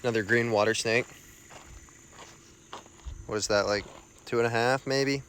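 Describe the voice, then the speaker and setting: Young male outdoor vlogger, bright-toned, mid pitch, excitable and slangy, crickets behind. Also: a little slow, slight background noise. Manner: excited, chatty, self-mocking, slangy. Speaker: field herper vlogger. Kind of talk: casual vlog narration on the road. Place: outdoors on a rural road at night.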